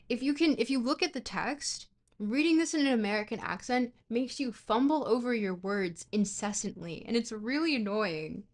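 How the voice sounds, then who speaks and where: A young woman on a live stream reads dense philosophy aloud at a middling pitch, tripping over words and backing up to fix them. Between passages she chats loosely with her viewers. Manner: stumbling, self-correcting reader; chatty asides to chat between passages. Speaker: streamer reading a book aloud. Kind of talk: casual live-stream reading and chat.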